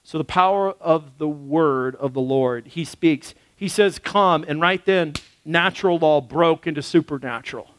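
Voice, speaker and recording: A male pastor delivers a casual, animated sermon, slipping into acted-out quotes along the way. His voice sits high for a man. The sound is dry and close, with no room echo. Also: moderate pace, few pauses.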